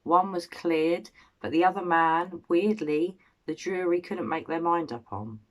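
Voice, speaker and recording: English woman, 30s, low voice; earnest, personal true-crime vlog narration. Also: unhurried. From Cambridge, England. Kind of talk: casual true-crime storytelling.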